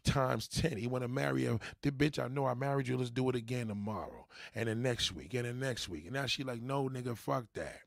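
Gravelly man ranting, dry close sound. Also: medium pitch, fairly quick, hardly any pauses, no room sound. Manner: mocking, heckling, swears heavily. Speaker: reaction commentator. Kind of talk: profane rant over a played interview.

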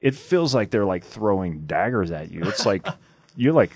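A man's voice: lowish voice, expressive, normal speed, a little mellow, slightly rough, no echo. A man hosting a casual chat, telling stories and laughing often. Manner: laughing storyteller, chatty. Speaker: podcast host.

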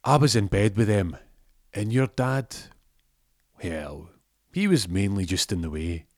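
A man's voice: lowish voice, big pitch swings, a little slow, a little mellow, dry recording, clean studio sound. A man voicing a smug, scheming male gangster who taunts his rival. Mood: gloating. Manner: gloating, taunting.

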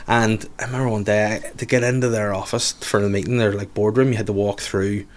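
Belfast guy, lowish voice, chatty and sweary, loves a funny story. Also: fairly even intonation, fast. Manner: swearing, storytelling, laughs at his own anecdotes. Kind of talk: casual chat.

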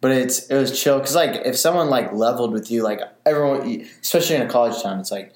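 A man's voice: medium pitch, fast, a little mellow. A young man in casual podcast chat, loose and profane as he spins a story. His voice sits in the middle range. The room around him rings with echo. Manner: loose storytelling with swearing and laughs. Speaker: podcast co-host. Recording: roomy echo.

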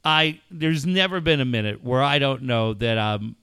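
A middle-aged man spinning family stories in casual chat, his pitch swinging widely as he acts out every quote. His voice is bright and crisp, recorded dry and close to the mic. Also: moderate pace, no room sound. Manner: animated storyteller, acts out quotes, swears freely. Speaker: co-host.

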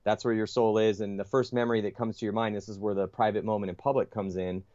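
A man's voice: fairly low pitch, flat delivery, fast talker, mellow, no room sound, dull audio. A man, a podcast guest, telling a long story in a casual, rambling way, full of fillers, restarts and swearing.

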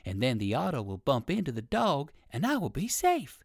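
A man voicing a kindly, excitable old gentleman rabbit in a children's storybook reading, with high fluttery exclamations. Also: normal speed, gravelly, no echo, studio quality, exaggerated voice. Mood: anxious.

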